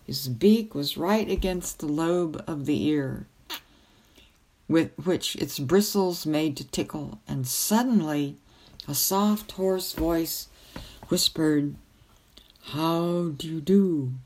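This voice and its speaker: A woman reading a novel aloud as a storyteller, with gentle, even narration. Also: sits low, slow.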